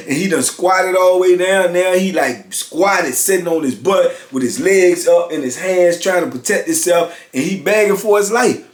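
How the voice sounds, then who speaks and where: Animated man telling a story in a roomy space. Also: sits high, normal speed. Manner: animated, slangy, peppered with "man" and "you know". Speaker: storyteller recounting prison life. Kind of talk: casual storytelling. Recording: roomy echo.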